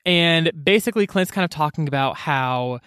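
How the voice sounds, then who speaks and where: A man's voice: a little high, expressive, normal speed, fairly bright tone, clean tone, no room sound, studio quality. A man casually recapping a story on a podcast, slangy and full of fillers, swearing offhandedly.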